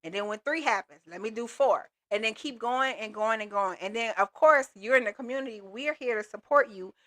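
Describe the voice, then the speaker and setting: Woman coach hosting a live stream; bright, higher voice, pumped-up and slangy. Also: brisk. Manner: upbeat, motivational, casual slangy talk. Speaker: business coach and livestream host. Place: Texas.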